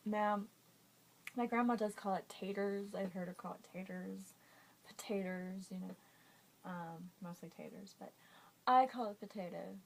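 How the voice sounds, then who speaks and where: Slow, giggly woman vlogger. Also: medium pitch, gravelly, a little hiss or hum, low-quality recording. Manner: giggly, self-conscious, drawn-out reading. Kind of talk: casual word-list reading vlog.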